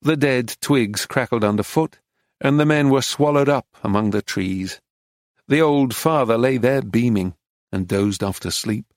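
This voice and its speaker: A man narrates an audiobook in a measured, descriptive way at a mid pitch. The recording is close and very dry, with no room sound. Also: no room sound. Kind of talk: scripted first-person narration.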